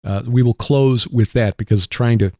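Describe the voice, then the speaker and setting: A man with a Midwestern accent hosting a casual Christian radio talk show, rambling and halting with fillers. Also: medium pitch, fairly even intonation, mellow, no room sound, clean studio sound. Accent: Midwestern American. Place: barn studio.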